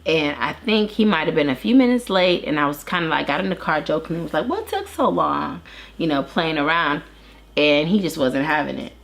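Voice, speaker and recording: A woman's voice: sits low, brisk. A woman in her thirties, an interview guest earnestly telling her own story with many restarts. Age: 30s. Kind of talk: candid personal testimony.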